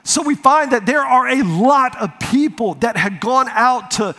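A man preaching a sermon, telling a personal story with lively acted-out quotes before turning to scripture. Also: very high voice, unhurried. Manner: animated storyteller, acts out quotes. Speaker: pastor. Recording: reverberant hall.

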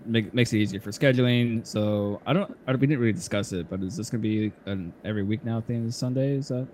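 A man's voice: on the low side, quick pace, a little mellow, slight background noise. Chatty, laughing male podcast host. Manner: chatty, laughs often, many fillers and restarts. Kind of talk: casual podcast chat.

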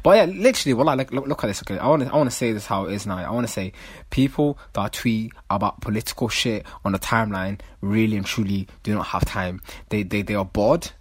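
A young man rambles through a casual podcast chat, circling back on his words. His voice is husky and sits low, recorded close and dry. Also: quick pace, few pauses, no room sound. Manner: rambling, repeats himself, filler-heavy. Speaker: podcast co-host.

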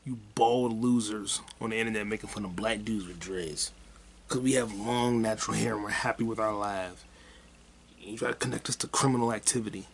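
A man's voice: fairly low pitch, fairly even intonation, fairly quick, husky. A man hosting his own podcast, rambling through a casual solo monologue in a crude, heated way and mocking people with repeated put-downs. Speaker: podcast host.

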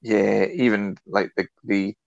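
A man co-hosting a film podcast, speaking in a low, gravelly voice. He chats in a relaxed, keen way. The recording is dry and dull, with a lo-fi sound. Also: slow pace, no echo. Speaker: podcast co-host. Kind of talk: casual film discussion.

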